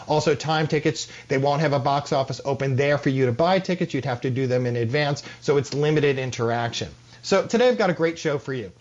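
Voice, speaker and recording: A man hosting a radio interview, reading out a measured introduction and asking questions. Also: a little high. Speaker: radio show host. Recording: dull lo-fi radio sound.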